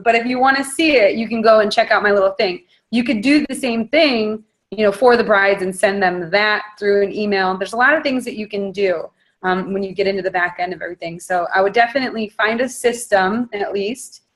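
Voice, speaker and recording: A woman on a video call, giving a blunt, frank and fired-up motivational talk as a network marketing leader. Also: mid-range voice.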